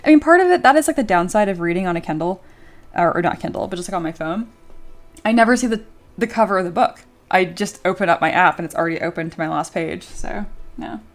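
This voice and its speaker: A woman streamer chatting casually during a livestream and reading viewer comments aloud, animated and full of filler words, often giggling. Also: fairly low pitch, fast. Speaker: streamer and miniature sculptor.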